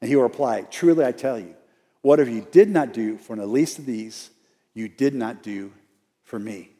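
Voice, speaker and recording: Under the long reverb of a large church sanctuary, a middle-aged pastor delivers a conversational but emphatic sermon packed with rhetorical questions. He speaks at normal speed in a mellow, medium-pitched voice.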